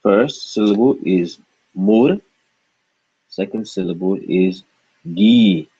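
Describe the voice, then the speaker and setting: A man teaching a patient pronunciation lesson, repeating each word slowly and asking questions to guide the learner. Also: fairly low pitch, animated, breathy edge, dull audio. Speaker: language teacher.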